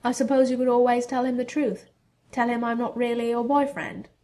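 An awkward, good-natured teenage wizard boy, read by a woman in an audiobook-style story. He talks in an earnest, slightly flustered way at a fairly high pitch. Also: little pitch movement, brisk, dark tone, lightly acted.

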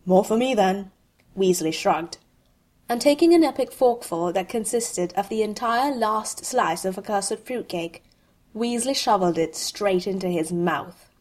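A woman reading a humorous fan fiction story aloud in an expressive, wry way. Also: medium pitch, unhurried. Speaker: narrator.

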